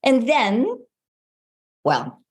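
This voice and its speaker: An older woman, a guest author, telling her personal story in an interview in a lively way, acting out the voices of people she quotes. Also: on the high side, drawn-out words.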